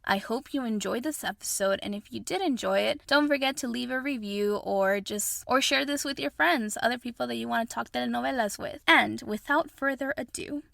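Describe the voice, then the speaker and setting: A woman's voice: on the high side, brisk, vocal fry, few pauses, fairly bright tone, no echo, clean studio sound. A young woman from Mexico whose first language is Spanish, hosting a podcast in a chatty, effusive way. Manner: chatty and effusive, says y'all. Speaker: podcast host. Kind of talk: casual solo podcast chat.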